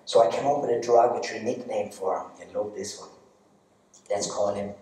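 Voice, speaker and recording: An Irishman performs teasing comic stories live at an arts centre, his voice fairly low, steady and dark. He talks fairly quickly. Recorded from a distance, the hall sounds echoey.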